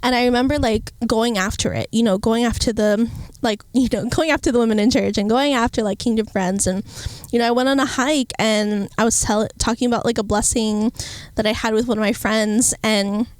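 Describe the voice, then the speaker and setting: Chatty young woman with a high voice. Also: fairly quick, dry recording. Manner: chatty, full of "like" fillers, animated quoting. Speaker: vlogger. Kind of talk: casual chat. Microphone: earpiece mic.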